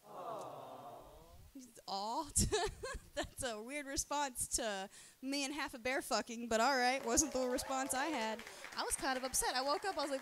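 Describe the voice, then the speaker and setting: A woman's voice: high-pitched, moderate pace, fairly bright tone, slight background noise. A woman streaming live, talking in a casual, rambling monologue full of swearing and fillers. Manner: crude, profane, rambling with many fillers.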